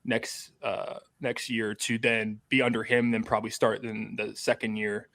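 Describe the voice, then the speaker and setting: A man's voice: lowish voice, flat delivery, normal speed, fairly bright tone. A man co-hosting a sports podcast, easygoing in casual chat. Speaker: podcast co-host.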